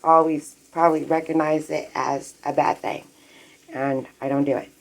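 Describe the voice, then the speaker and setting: A woman's voice: low-pitched, little pitch movement, normal speed, low-quality recording. A woman on a live stream, ranting in a rambling, profane, agitated way from her apartment. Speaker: livestreamer.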